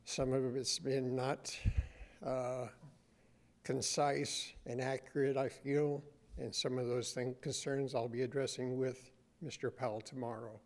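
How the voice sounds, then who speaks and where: A man giving a measured, polite public comment at a city council meeting, pausing often with "uh". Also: mid-range voice, level tone. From United States. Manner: measured, polite, with frequent "uh" pauses.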